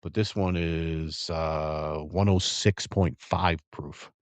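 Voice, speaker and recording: A man with a very low voice chats casually on a live stream, rambling and savoring each sip as he talks. His sound is dry and close, with no room around it. He is middle-aged and from the Virginia area. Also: takes it slowly, no room sound. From Virginia area, USA. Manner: relaxed, rambling, savoring and reacting to sips. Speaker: bourbon livestream host.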